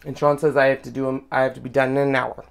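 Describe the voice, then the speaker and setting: A loud, chatty woman co-hosting a live crafting stream, casually talking through a craft demo and getting excited about the results. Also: very deep voice, very fast, creaky.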